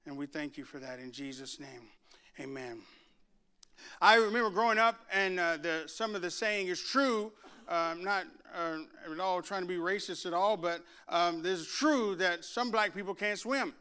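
In a church sanctuary, a preacher with a high, bright, clearly ringing voice gives a sermon at normal speed. He begins with a quiet prayer, then moves into an animated story, acting out voices and building to rising shouts.

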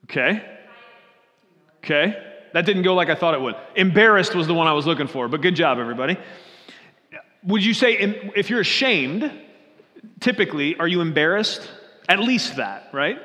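A man's voice: a little high, expressive, moderate pace, long pauses, pushed and bright. A man reading scripture aloud and then preaching, earnest, often putting questions to his listeners and repeating his phrases. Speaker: pastor. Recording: long reverb of a hall.

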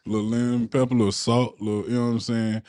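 A man co-hosting a podcast, teasing and mock-preachy in loud, profane banter. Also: mid-range voice, flat delivery, fast, no room sound, clean studio sound. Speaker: podcast co-host.

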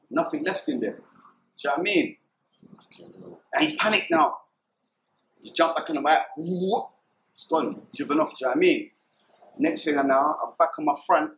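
A young man with a London accent recounts events in a lively, acted-out way, voicing shouts and bangs. His voice sits a little high, and the room around him rings with echo over a faint background noise. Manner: vivid retelling, acts out shouts and gunshot sounds. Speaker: interviewee. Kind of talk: animated storytelling.

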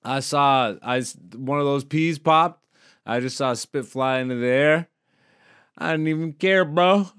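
A man hosting a casual comedy podcast, laughing, swearing and joking, high and relaxed. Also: unhurried, smooth, no room sound, studio quality. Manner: animated, swearing, laughing a lot. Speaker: podcast host.

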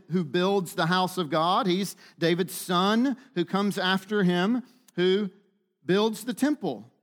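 A man preaching a sermon, teaching with frequent rhetorical questions to the room. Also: sits high. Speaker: pastor.

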